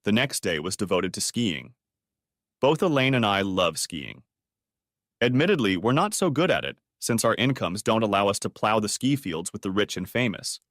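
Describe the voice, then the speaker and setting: An older man narrating a first-person audiobook story in a steady, even way. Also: fairly low pitch, no echo, studio quality.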